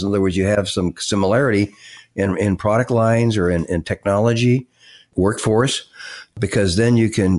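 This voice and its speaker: An older man, a tech executive and author, answering interview questions in a halting way with many fillers and restarts. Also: low voice, darkish tone.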